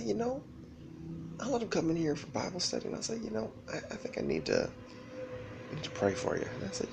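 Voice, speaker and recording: Gravelly man rambling with profanity. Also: high-pitched, a little hiss or hum. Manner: rambling, profane, laughs often.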